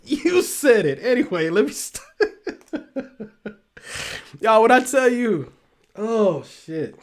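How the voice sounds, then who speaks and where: Male host, solo casual monologue; unhurried, lively pitch, laughs a lot, loops phrases, profane. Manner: animated, laughs often, repeats phrases, swears freely. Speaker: show host.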